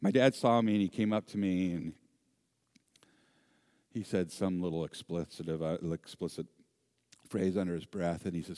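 A middle-aged man preaching a sermon, telling a personal story in an animated, humorous way and acting out voices and sounds. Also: deep voice, moderate pace, long pauses, no room sound, studio quality. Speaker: pastor.

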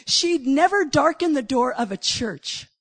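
Middle-aged woman preacher, high voice, animated storyteller who acts out dialogue. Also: a little slow. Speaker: guest speaker, preacher. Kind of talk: sermon with personal stories.

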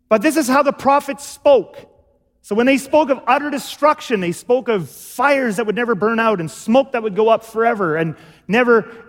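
Male pastor, high voice, sermon delivery, explanatory, lingering hall reverb. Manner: explanatory, repeats "okay?" to check understanding. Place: church.

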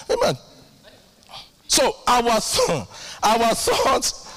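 A male pastor delivering a sermon in a high, bright voice. He preaches with lively, swooping emphasis, repeats key lines for weight, and acts out his own prayers with humorous asides.

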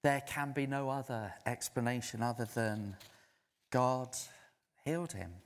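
A man's voice: mid-range voice, a little slow. A man preaching a sermon, telling a story and acting out others' words in a raised voice. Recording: long hall reverb.

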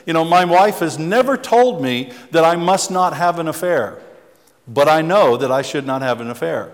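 Male pastor, casual self-deprecating sermon delivery, higher-pitched, reverberant church hall. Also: expressive, normal speed. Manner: chatty, self-deprecating storyteller with many restarts. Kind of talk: conversational sermon with humor.

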